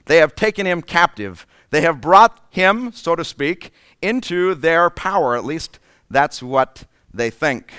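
A man preaching a sermon, dramatic and emphatic, dropping at times to breathy whispers. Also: fairly high pitch, expressive, unhurried, bright, forceful tone, dry recording, clean studio sound.

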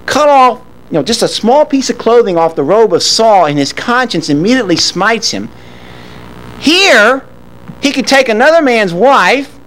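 Man, high voice, sermon, Bible teaching, animated retelling, dramatic pitch swings. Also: low-quality recording. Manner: retells scripture in a lively way, acting out the characters' lines. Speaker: preacher.

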